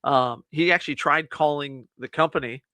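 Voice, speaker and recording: With a somewhat high voice at normal speed and no room sound, a man animatedly walks through a film's plot as co-host of a movie review podcast. He acts out quotes and laughs a lot, keeping the chat casual.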